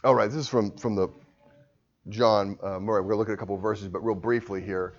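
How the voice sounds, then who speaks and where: A man preaching a sermon in an earnest, emphatic way, swinging between quiet reasoning and forceful pleas. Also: fairly low pitch, steady tone, fast talker. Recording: dull lo-fi sound.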